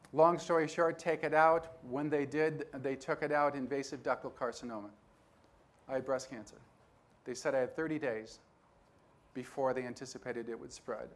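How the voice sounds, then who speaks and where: A man in his sixties giving a conference talk, telling stories and acting out dialogue with animated energy. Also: mid-range voice. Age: 60s. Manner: animated storyteller who acts out dialogue. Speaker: conference speaker. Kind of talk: storytelling keynote talk.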